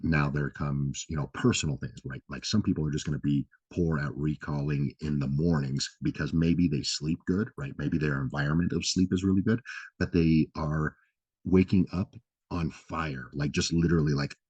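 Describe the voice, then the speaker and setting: A man with a rumbling low, breathy, somewhat dark voice talks at a normal, steady pace, recorded dry with dull audio. He hosts a health vlog and gives advice loosely, packing in fillers, repeatedly asking "right?" and swearing casually.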